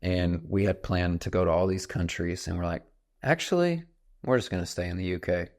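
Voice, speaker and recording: Deep-voiced man in his thirties. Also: monotone, a little fast, darkish tone. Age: 30s. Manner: earnest, reflective storytelling. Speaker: podcast host. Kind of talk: casual conversation.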